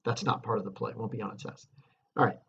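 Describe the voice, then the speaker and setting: A man's voice: fairly low pitch, fairly even intonation, fast, gravelly, a bit bright, dull audio. A man teaching a lesson on a stage play, explaining scenes casually and reading passages aloud.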